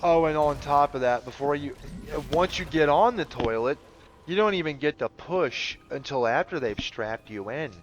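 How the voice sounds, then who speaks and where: A man's voice: fairly high pitch, expressive, normal speed, slight background noise. A man chatting casually over a game playthrough, rambling with lots of fillers and swearing. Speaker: gamer commentating a playthrough.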